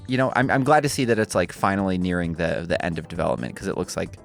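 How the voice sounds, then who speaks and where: Lowish rambling man over robotic call audio. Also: fast, vocal fry, soft background music. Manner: rambling, restarts, animated. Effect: robotic sounding online call audio. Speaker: co-host. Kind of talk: casual chat about games.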